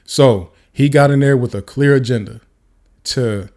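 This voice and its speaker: A man's voice: mid-range voice, unhurried, darkish tone. A man hosting his own podcast, talking off the cuff in casual solo commentary with frequent restarts. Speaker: podcast host. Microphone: camera-facing studio mic.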